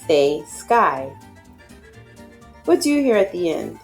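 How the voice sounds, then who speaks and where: Female teacher, low-pitched and bright, slow deliberate phonics delivery with faint music under it. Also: very animated. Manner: slow, clearly enunciated, repeats words for kids to echo. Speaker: literacy teacher. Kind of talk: phonics lesson for children.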